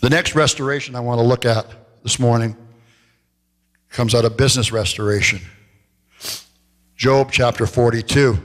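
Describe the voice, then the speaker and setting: A man pastor preaching a sermon, telling stories and slowing down to stress key phrases. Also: fairly bright tone. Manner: storytelling preacher, rises in pitch for quoted voices, slows for emphasis. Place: church sanctuary. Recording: long church hall reverb.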